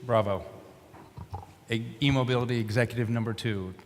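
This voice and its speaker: A man's voice: mid-range voice, steady tone, moderate pace. A man hosting a mock game show on a conference stage in a theatrical, teasing manner. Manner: theatrical, teasing, sprinkles in foreign greetings. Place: conference stage in a large hall. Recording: long reverb of a large hall.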